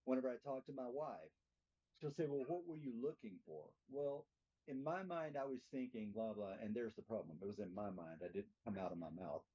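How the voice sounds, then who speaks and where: A middle-aged man leads a church class with a mellow, slightly husky voice. He speaks plainly and keeps asking the room questions. The recording sounds dull and lo-fi. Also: lowish voice, fairly quick. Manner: plainspoken, asks the group questions. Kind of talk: interactive teaching talk.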